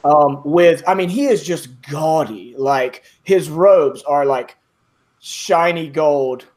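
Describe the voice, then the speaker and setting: A man's voice: fairly high pitch, takes it slowly, darkish tone. A man narrating as game master of a tabletop game, rambling with many fillers.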